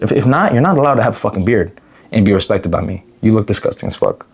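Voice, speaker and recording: A man giving casual advice in a blunt, profane monologue that rambles and restarts. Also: lowish voice. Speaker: advice vlogger.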